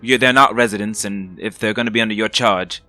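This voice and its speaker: A man's voice: on the low side, fairly quick, sharp tone, faint music behind. A man voicing a fussy, officious male guard who insists on taking names. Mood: urgent.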